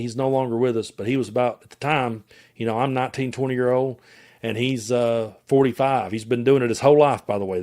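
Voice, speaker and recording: A man's voice: medium pitch, a little mellow. A man with a Tennessee Southern accent hosting his own channel, giving an impassioned, emphatic political rant straight to his viewers. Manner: direct, emphatic, addresses viewers and politicians head-on. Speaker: political commentator and channel host.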